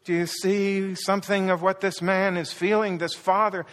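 A male pastor preaches with fervor, acting out the quoted lines with mounting intensity. His high-pitched, fairly bright voice moves at a moderate pace with hardly any pauses. Long hall reverb fills the recording.

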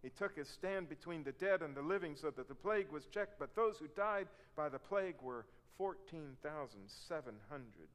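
A man's voice: a little high, expressive, normal speed, few pauses, fairly bright tone. Man, preacher, emphatic sermon, reverberant church hall. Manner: earnest, emphatic, acts out complaints in raised voice. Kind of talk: sermon with scripture reading.

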